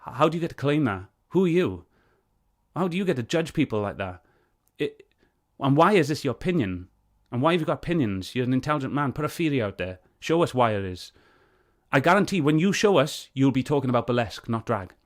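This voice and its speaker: A man's voice: mid-range voice, very animated, a little fast. A man reviewing a video clip, arguing back at it in an earnest, heated way. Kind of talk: reaction commentary on a clip.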